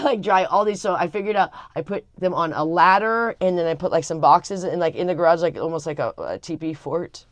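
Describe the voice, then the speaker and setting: Low-voiced rambling woman vlogger. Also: no echo. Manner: rambling, many fillers and restarts. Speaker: family vlogger. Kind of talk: casual talk to camera.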